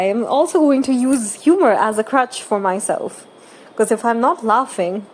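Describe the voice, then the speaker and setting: A woman's voice: a little high, normal speed, slight background noise. A woman who makes gaming videos, talking through her opinions in casual, earnest and emphatic commentary.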